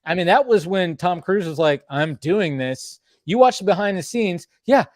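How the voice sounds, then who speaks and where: A man hosts a casual film chat with excitable energy, laughing often and swearing freely. His voice sits a little high and sounds close and dry. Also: a little fast, no room sound. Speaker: stream host.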